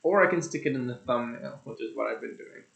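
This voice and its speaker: A man's voice: medium pitch, a little fast, gravelly, fairly bright tone. A young man casually reviewing an album on his channel, rambling and joking, with loose profanity. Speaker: music reviewer. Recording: echoey room, dull lo-fi sound.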